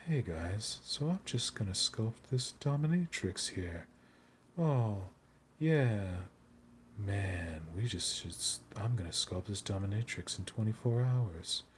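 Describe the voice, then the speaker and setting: A man doing a parody impression of a calm, soft-spoken male hobby streamer with a slow, soothing voice. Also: fairly low pitch, slight background noise. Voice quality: slow, soothing, mock-dulcet.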